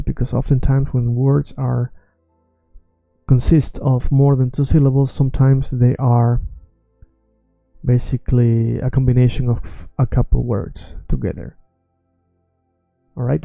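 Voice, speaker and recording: A man teaching a language pronunciation lesson, repeating words slowly and clearly to model how they sound. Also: mid-range voice, mellow, dry recording.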